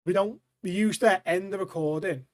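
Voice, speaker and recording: A man co-hosting a comedy podcast, talking in excitable casual banter and breaking into loud silly shouts and laughter. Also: sits high, moderate pace. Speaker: podcast co-host.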